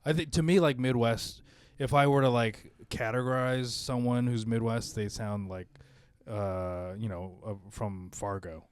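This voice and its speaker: A man's voice: mid-range voice, steady tone, measured pace, clear, resonant tone, no echo. A man co-hosting a comedy podcast, talking casually and rambling with fillers and restarts. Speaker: podcast co-host.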